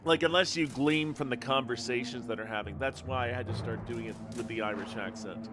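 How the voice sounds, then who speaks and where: A man's voice: medium pitch, fairly quick, heavy background noise. Hesitant male streamer chatting. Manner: hesitant, with fillers and restarts. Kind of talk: live game playthrough chat. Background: background game music.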